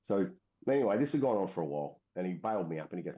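Very fast and sing-song, this man's low, warm voice carries a long, rambling interview story full of fillers and restarts. He is a military veteran from Western Australia with an Australian accent. The sound is dull and lo-fi.

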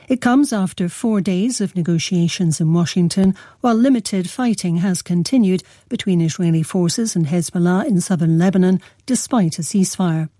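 A woman newsreader reading a news bulletin in a measured, formal way. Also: fairly low pitch, dark tone, no echo, studio quality.

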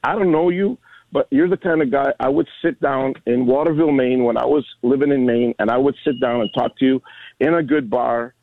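A man's voice: medium pitch, fairly quick, no room sound. A man in his sixties calling into a sports radio show, rambling earnestly with many restarts. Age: 60s. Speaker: caller. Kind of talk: casual call-in chat. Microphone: phone. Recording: tinny phone line.

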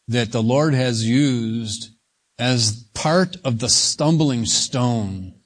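A man preaching an expository sermon, slow and deliberate, leaning hard on single words as he reads scripture aloud. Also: medium pitch. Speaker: pastor.

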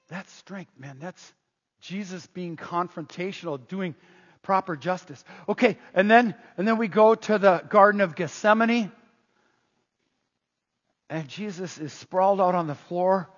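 In his sermon, a man with a high, slightly breathy voice speaks a little slowly, animatedly acting out stories and often tripping over repeated words before starting again. The audio is muffled and carries long hall reverb.

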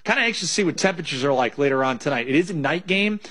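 A man with a slightly raised voice talks through his betting picks in a measured, thinking-aloud way. He speaks as an analyst on a casual sports show. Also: fairly high pitch, animated, fairly bright tone, breathy edge. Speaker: sports betting analyst, former baseball pitcher.

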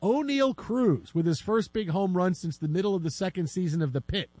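Man, casual sports chat host, high voice, dry close sound, animated storytelling. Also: a little fast, dry recording.

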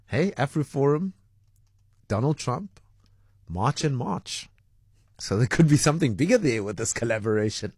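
Husky-voiced man, breakfast radio host, relaxed and chatty, heavy on fillers. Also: medium pitch, moderate pace, long pauses, no room sound, studio quality. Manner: chatty, reads out listener messages with many fillers. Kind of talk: breakfast radio call-in talk.

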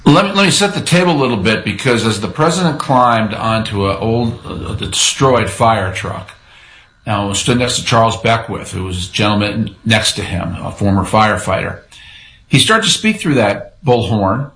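A man's voice: lowish voice, normal speed, rough recording. A man being interviewed on a radio show, telling a story vividly and acting out the quotes. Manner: animated storyteller who acts out quotes. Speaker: radio show guest, former press secretary.

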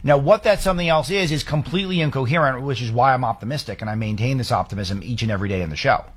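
Male talk host, emphatic, sarcastic, mid-pitched, opinion monologue. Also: racing, husky. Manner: emphatic, sarcastic rhetorical questions. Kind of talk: political commentary monologue.

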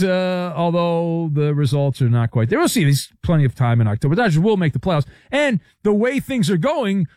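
A man hosting a sports radio show, talking baseball and doing a live-read ad in an animated, emphatic way. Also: a little high, dry recording, clean studio sound. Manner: animated, emphatic, sometimes yelling.

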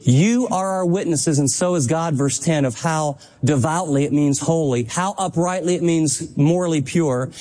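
A man's voice: normal speed, few pauses, warm tone. A male pastor preaching a sermon, emphatic and impassioned, pressing his points with urgency. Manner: impassioned, emphatic preaching with rising pitch on exhortations.

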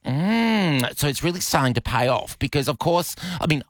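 Lively Australian man, chatty radio co-host. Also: on the high side, normal speed, dry recording. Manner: chatty storyteller, laughs often, says others call his voice irritating. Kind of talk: casual breakfast radio chat. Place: radio studio.

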